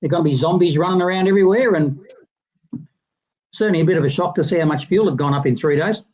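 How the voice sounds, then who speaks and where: A man telling a rambling, animated fishing story in casual livestream chat, with plenty of restarts. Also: on the high side, fast talker, highs cut off. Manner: rambling, animated anecdote teller with many restarts.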